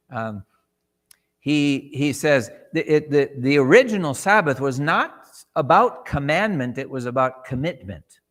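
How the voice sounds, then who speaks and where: A man's voice: mid-range voice, a bit bright. A man teaching a church Bible class, conversational, asking the class questions and acting out short quotes. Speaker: Sabbath school teacher. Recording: long hall reverb.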